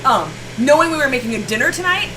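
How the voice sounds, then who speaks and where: Brief: young woman, higher voice, playful teasing co-host in a noisy home kitchen. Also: lively intonation, fast, distant mic. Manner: playful, teasing, laughs often. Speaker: co-host of a cooking show. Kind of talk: casual chat while cooking. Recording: home recording with background noise.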